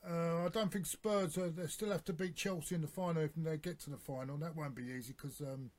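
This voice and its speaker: A man's voice: a little high, steady tone, fairly quick, a little mellow. A man co-hosting a sports radio phone-in, hesitant with fillers and given to grumbling opinions. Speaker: radio co-host. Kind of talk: casual sports radio chat.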